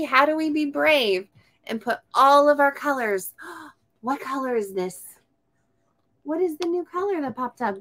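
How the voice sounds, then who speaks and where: Slow-spoken woman reading a picture book to a child. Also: high-pitched, a bit bright. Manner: coaxing questions to the child, frequent gasps and "oh my goodness" exclamations. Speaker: storytime host.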